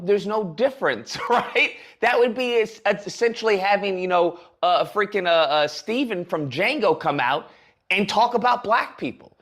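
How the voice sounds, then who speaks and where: A man's voice: high-pitched, a bit bright. Guy ranting on his stream, sarcastic, voice swings up and down a lot. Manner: heated, sarcastic, speaks in long rants. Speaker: political commentator. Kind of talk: livestream commentary.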